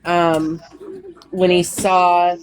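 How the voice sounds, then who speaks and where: A woman on a live stream talking slowly and hesitantly, with many fillers. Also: on the low side, flat delivery, a little hiss or hum, poor audio. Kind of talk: casual live stream chat.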